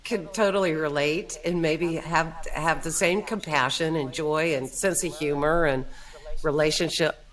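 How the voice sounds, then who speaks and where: Low-voiced Southern US woman, podcast co-host, encouraging and easy. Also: fairly even intonation, a little slow. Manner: laughs along, warm encouraging reactions. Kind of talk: casual chat.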